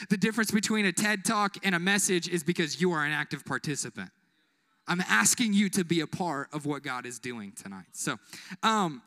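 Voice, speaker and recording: A young man delivers an energetic youth sermon inside a church. His voice sits high and sounds bright. He keeps the crowd involved with jokes, quick put-on voices and repeated calls for an amen. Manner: call-and-response, joking, acts out quick voices. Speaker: youth pastor. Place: church building.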